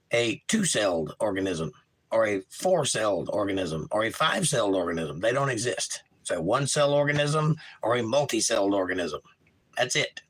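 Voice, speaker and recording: Bright-voiced man reading stream chat. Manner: reads chat messages aloud and answers them warmly; animated, pitch jumps when reading comments. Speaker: livestream host. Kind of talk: casual chat reading viewer comments aloud.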